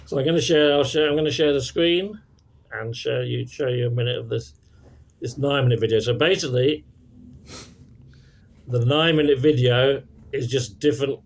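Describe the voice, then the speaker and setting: A man's voice: medium pitch, fairly even intonation, creaky. Man, casual co-host, self-mocking, stop-start delivery. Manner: self-deprecating, halting restarts, laughs often. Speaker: podcast co-host. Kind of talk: casual chat on a call.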